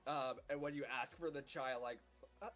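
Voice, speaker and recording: A man narrating as game master in a relaxed, loose way. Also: medium pitch, moderate pace, faint music behind.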